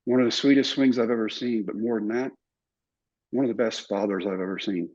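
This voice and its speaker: In a relaxed interview, a husky older man speaking a little fast and on the low side spins lively stories, voicing the lines of other people. The audio is somewhat dull and muffled.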